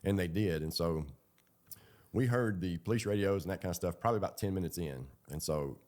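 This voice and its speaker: A man's voice: sits low, a little fast, a little mellow. A man telling his own story in a loose, rambling, colloquial way. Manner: rambling, colloquial, with fillers and laughs. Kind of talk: casual storytelling.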